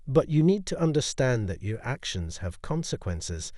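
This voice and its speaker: A stern male police detective speaks in measured, grave tones, as a man reading a story puts him on. The voice moves lively up and down through the lines. The sound is dry, with no room around it. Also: medium pitch, dry recording, close to an everyday voice. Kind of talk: storybook narration.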